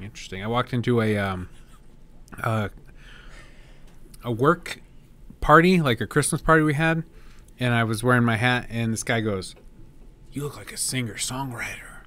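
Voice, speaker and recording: A man's voice: medium pitch, normal speed, pauses often, fairly bright tone, a little hiss or hum. A man guesting on a podcast, chatting casually with loose, joking banter. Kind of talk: casual chat.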